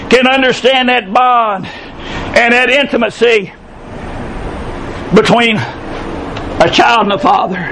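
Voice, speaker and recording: A man's voice: very high-pitched, a little hiss or hum, poor audio. Impassioned preacher man in his sixties. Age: 60s. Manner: impassioned, bursts into shouting emphasis. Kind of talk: sermon.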